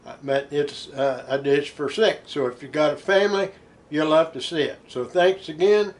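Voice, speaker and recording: A man's voice: fairly high pitch, moderate pace. A man hosting a home cooking show, talking in a folksy, chatty way while he tastes the food. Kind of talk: casual cooking demonstration.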